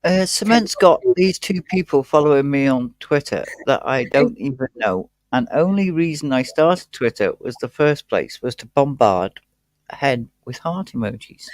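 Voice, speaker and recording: A man's voice: medium pitch, animated, measured pace, no echo. A man hosting a casual live stream, talking with playful, mock-indignant teasing.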